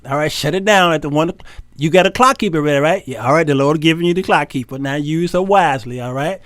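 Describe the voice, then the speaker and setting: A man's voice: fairly high pitch, quick pace, fairly bright tone, no room sound, lightly acted. A man putting on a fussy old church mother. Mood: fussing. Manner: fussy, doting, scolding. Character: older churchgoing mother scolding a grown son.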